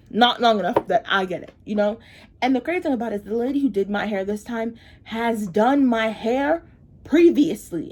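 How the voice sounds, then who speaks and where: A woman's voice: medium pitch, darkish tone. A woman telling a story to camera while getting ready, chatty and rambling, repeating herself for emphasis as she vents her frustration. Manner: frustrated, venting. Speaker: vlogger.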